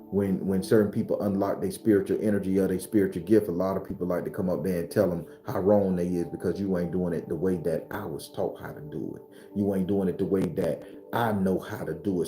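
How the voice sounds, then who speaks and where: A man giving a blunt, profane, preachy spiritual talk, whose voice climbs and gets loud when he is fired up. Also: low-pitched, roomy sound. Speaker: spiritual teacher.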